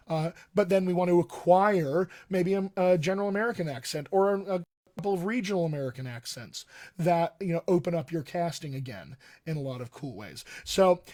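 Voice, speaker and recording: A man's voice: high-pitched, a little mellow, no echo, studio quality. A man working as a dialect coach, talking casually to viewers in a live stream Q&A, with lots of fillers and restarts. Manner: conversational, many fillers and restarts.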